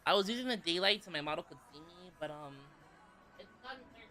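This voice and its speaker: A man's voice: fairly high pitch, animated, quick pace, sharp tone, a little hiss or hum. A man chatting casually on a stream, bubbly and playful, rambling and giggling as he talks from his room at home. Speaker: VTuber streamer.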